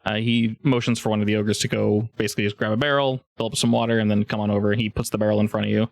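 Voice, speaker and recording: A man's voice: fairly low pitch, flat delivery, racing, gravelly, no echo. Man game master, rambling casual narration, dry recording. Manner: rambling, laughs often, many restarts.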